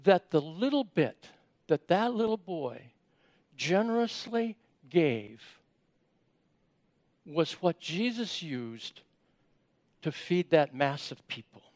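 A man's voice: a little high, big pitch swings, slow pace, pauses often, darkish tone, no room sound. A man giving a sermon in a conversational way, often repeating words as he starts sentences and asking the audience questions. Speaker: preacher.

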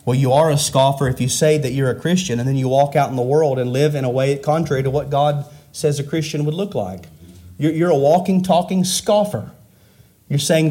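A middle-aged man preaching a sermon to his church, asking rhetorical questions and rising and falling in pitch. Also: brisk, warm tone. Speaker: pastor.

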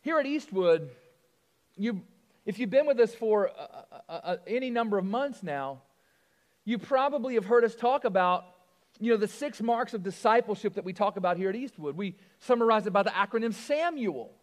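A man preaching a sermon as pastor, telling a joke story with lively swings from loud to hushed. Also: high-pitched, normal speed, in a large hall.

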